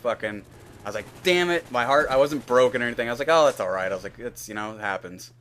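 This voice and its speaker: A young man hosts a gaming video, telling a rambling, candid story over gameplay with plenty of swearing while voicing both sides of the conversation. His voice sits on the low side, a bit bright, and he talks very fast. There's a slight hiss or hum in the recording.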